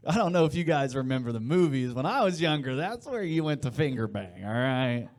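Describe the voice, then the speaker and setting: Man, late thirties, from Indiana, stand-up comedian, rambling crowd-work delivery, middle-pitched voice. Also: sing-song, brisk. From Indiana, USA. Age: 30s. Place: live comedy show before an audience.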